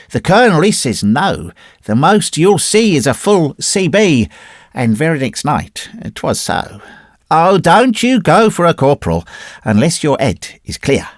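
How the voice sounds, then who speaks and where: A man's voice: mid-range voice, no echo, studio quality. A man voicing a cheeky little Cockney army private, brash and raucous, with a Cockney accent.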